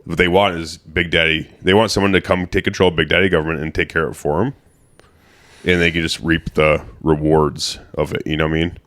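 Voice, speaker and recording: Deep-voiced man, emphatic podcast co-host. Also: flat delivery, a little fast, a bit bright. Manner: emphatic, swears freely. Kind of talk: casual political chat.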